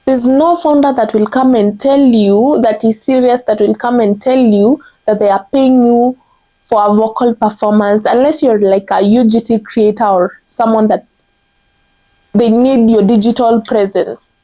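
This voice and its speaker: A woman's voice: on the high side, fairly even intonation, measured pace, mellow. Kenyan woman giving an earnest vlog talk. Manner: earnest, self-correcting restarts, frequent "like". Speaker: content strategist.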